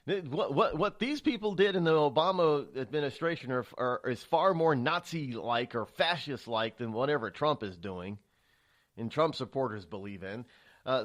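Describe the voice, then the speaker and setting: A man's voice: medium pitch, fairly bright tone. A man hosting a political talk radio show, rambling and stammering through a monologue with many restarts.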